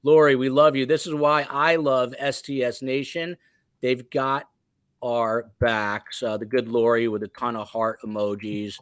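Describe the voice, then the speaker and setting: A man's voice: mid-range voice, little pitch movement, measured pace, clean tone, dry recording. A man hosting a live true-crime podcast, reading out viewer comments and putting long questions to his guests. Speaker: podcast host.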